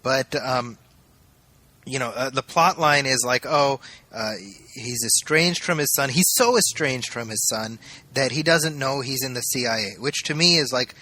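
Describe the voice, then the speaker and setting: Bright-voiced man riffing on a movie. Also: medium pitch, moderate pace. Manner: animated storyteller, acts out quoted lines. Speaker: podcast co-host. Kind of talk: casual movie review chat.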